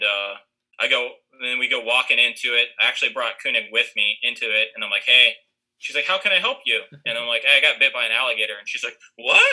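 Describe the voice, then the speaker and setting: Bright-voiced young man telling a story. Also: medium pitch, rough recording. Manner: rambling, many fillers and restarts, acts out quoted lines. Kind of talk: casual storytelling.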